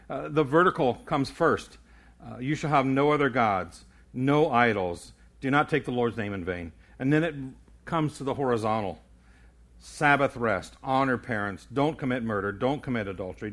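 An older man gives an earnest, teaching sermon as a pastor, his ordinary mid-range voice fairly bright in tone. Stammered restarts come often, yet he pushes on through them.

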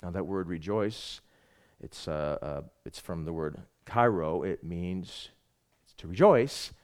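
A male pastor delivers a Sunday sermon with a very lively, swooping voice. He swings from loud, stressed lines down to soft, hushed asides, speaking straight to the congregation. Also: sits low, slow pace.

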